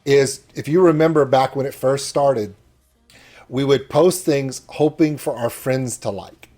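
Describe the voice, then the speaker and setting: A man's voice: medium pitch, measured pace, mellow, soft background music. A middle-aged man hosting a casual video interview, talking with enthusiastic, rambling energy. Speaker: interview host.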